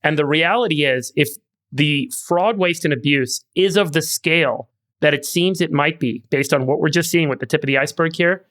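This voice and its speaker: A man's voice: on the high side, normal speed, fairly bright tone. A man co-hosting a podcast panel, speaking in an earnest, optimistic way. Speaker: podcast co-host. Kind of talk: casual panel chat.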